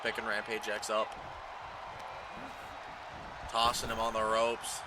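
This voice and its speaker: A man's voice: medium pitch, over a noisy crowd. Man calling wrestling play-by-play over game noise. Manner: rapid play-by-play calls, rising excitement at near-falls. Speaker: play-by-play commentator. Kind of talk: video game wrestling commentary.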